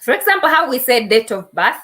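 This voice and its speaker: This is a young woman from Africa, a guest sharing funny stories in a relaxed chat. Her voice sits a little high and moves with a lot of animation. She acts out the dialogue in her stories as she goes. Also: brisk. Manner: animated storytelling, acting out quoted dialogue. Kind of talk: casual interview chat.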